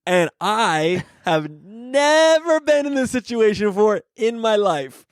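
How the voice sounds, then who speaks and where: Laughing storyteller man, bit high. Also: very animated, takes it slowly, smooth, dry recording, studio quality. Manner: rambling storyteller, laughs mid-sentence, swears. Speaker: podcast co-host. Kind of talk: casual chat.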